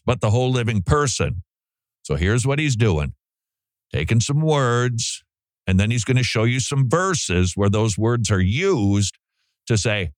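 A man preaching and critiquing teaching in an animated way, now and then putting on mocking voices. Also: mid-range voice, no room sound. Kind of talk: preaching commentary.

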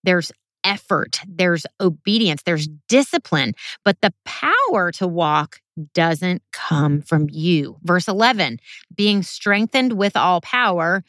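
A woman giving an earnest, emphatic sermon, reading scripture verses and explaining them, slowing down and speeding up to stress her points. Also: on the low side, lively intonation, fairly bright tone, no room sound, studio quality. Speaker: Bible teacher.

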